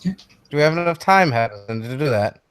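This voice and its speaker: A man playing a tabletop game, planning moves with halting starts. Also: on the high side, animated, fairly bright tone, smooth, dry recording. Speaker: player.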